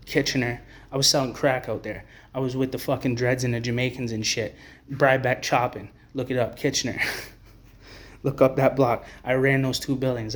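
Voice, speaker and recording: A man delivering a profane, blunt, rambling to-camera rant as an advocate for homeless people. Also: medium pitch. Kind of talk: ranting to-camera monologue.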